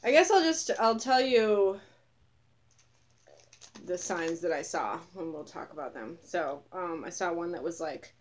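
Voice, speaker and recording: Worn out woman vlogging, low-ish voice, sweary and sarcastic, rambles. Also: animated, measured pace, slight background noise. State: tired. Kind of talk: casual storytelling to camera.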